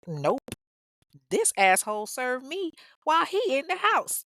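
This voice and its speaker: Woman playing a furious wife, sassy, profane, indignant, pitch jumping up and down. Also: very animated, a little slow, pushed and bright, dry recording, clean studio sound, full character voice. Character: furious wife defending her child.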